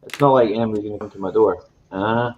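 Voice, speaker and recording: A man's voice: lowish voice, fairly even intonation, racing, a little hiss or hum. A man chatting casually, telling rambling stories and laughing often. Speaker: chat guest. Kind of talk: casual chat. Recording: muffled and roomy.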